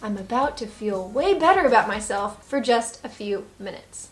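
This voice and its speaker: A woman's voice: fairly high pitch, lively intonation, moderate pace, few pauses, fairly bright tone. Sarcastic, playful American woman vlogger. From United States. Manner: sarcastic, playful, mock-serious. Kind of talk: comedic vlog monologue.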